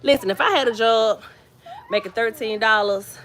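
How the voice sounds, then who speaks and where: Bright-voiced chatty woman livestreaming. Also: on the high side, moderate pace, a little hiss or hum. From New Jersey. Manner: chatty, storytelling, addresses viewers by name. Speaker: vlogger hosting a livestream. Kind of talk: casual livestream chat with viewers.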